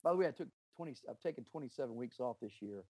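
Earnest middle-aged businessman, mellow voice. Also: mid-range voice, animated, very fast, breathy edge, no echo. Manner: earnest, emphatic, anecdotal with quoted dialogue. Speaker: business owner and author. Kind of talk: interview, storytelling about leadership.

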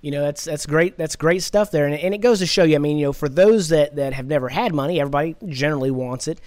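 A man's voice: on the high side, fast, darkish tone, dry recording, clean studio sound. A man hosting an interview podcast, chatty and agreeable, with lots of fillers and restarts. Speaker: podcast host.

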